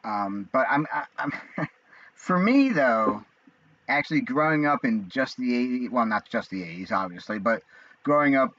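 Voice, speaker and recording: A man in his forties talking casually on his own, rambling and halting with many fillers and restarts. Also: mid-range voice, expressive, fairly bright tone, no room sound. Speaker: vlogger. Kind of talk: casual monologue. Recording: dull lo-fi sound.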